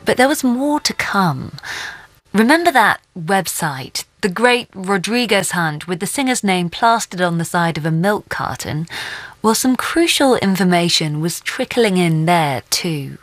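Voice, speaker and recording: A woman host, narrating a scripted story in a measured way and asking interview questions. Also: on the low side, expressive, no room sound, faint music behind.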